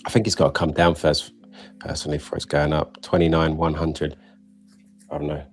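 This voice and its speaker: A man's voice: extremely low pitch, little pitch movement, a little fast, faint music behind. A man chatting as a guest on a live stream, with dry, laid-back remarks. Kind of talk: casual live-stream chat.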